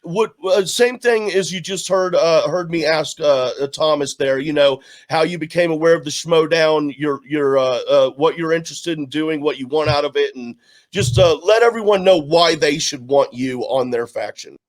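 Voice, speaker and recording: A man hosting a casual interview, asking questions in a halting, stammering way. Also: fairly high pitch. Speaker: host.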